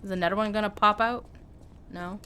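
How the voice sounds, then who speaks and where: A woman streaming a game live, chatting excitably with her viewers as she plays. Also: mid-range voice, brisk, slight background noise. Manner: excitable, chatty, talks to chat. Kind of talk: live gameplay commentary.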